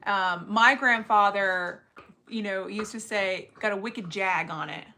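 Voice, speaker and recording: A woman's voice: medium pitch, a little slow, pushed and bright. Earnest chatty woman co-hosting. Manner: earnest, chatty, repeats her point. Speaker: livestream co-host. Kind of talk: casual livestream chat.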